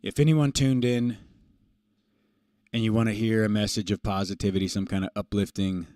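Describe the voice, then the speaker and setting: Livestream host: low-pitched man, rambling, profane, motivational, very dry close sound. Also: darkish tone, no room sound. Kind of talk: casual livestream talk.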